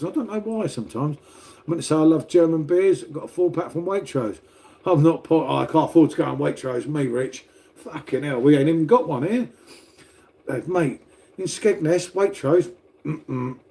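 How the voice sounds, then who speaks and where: An older English man rambles to his livestream viewers in a mellow, dark-toned voice. He swears freely and tags "mate" onto nearly every remark. The talk stays loose and conversational. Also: fairly high pitch. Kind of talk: casual livestream chat with viewers. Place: at home, making coffee.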